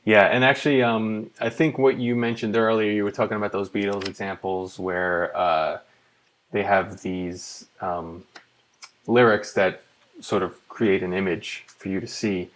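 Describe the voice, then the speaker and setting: A man hosting a casual songwriting talk, explaining points in a measured way. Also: fairly low pitch, steady tone, poor audio. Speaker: host. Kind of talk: casual conversational advice.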